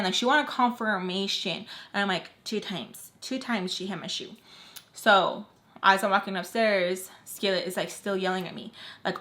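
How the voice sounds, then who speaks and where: A woman's voice: mid-range voice, moderate pace. Chatty young woman telling a story. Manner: rambling, filler-heavy, quotes people in animated bursts. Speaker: storytime vlogger. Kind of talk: casual storytime chat. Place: at home, doing makeup on camera.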